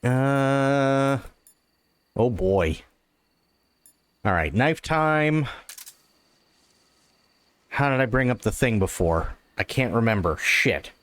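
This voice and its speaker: A man streaming a game live, telling a joke in a quick, animated way. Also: mid-range voice, clean tone, no room sound.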